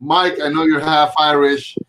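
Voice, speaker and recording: A man hosts a casual live video chat in a slightly high voice. He rambles, stops and restarts, and fills gaps with filler sounds. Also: flat delivery, a little slow, noisy background. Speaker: host.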